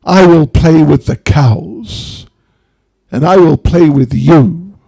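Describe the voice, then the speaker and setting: A man's voice: on the high side, slow, gravelly, dark tone, slightly rough, exaggerated voice. A man voicing a small, stubborn boy god who sulks and insists on getting his way while retelling a sacred story. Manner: petulant, insistent.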